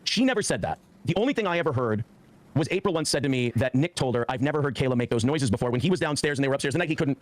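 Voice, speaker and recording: On a podcast, a man in his forties tells a heated personal story, swearing often and acting out what other people said. His voice is mid-range, and the recording is dry.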